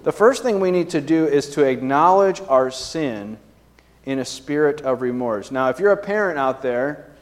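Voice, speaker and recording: A man's voice: fairly high pitch, animated, normal speed, big-room sound. A man preaching a sermon as pastor, in a conversational way with frequent tag questions and fillers.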